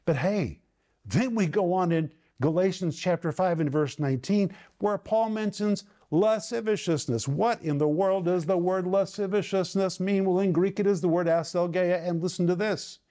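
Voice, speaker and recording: High, dark-toned man teaching the Bible. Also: moderate pace. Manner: earnest, emphatic, asks rhetorical questions.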